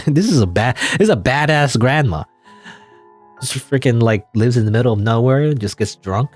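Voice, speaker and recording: A man's voice: medium pitch, animated, normal speed, darkish tone, soft background music. A man casually commenting on a video game as he plays, rambling and hedging with chuckling asides. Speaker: let's play gamer.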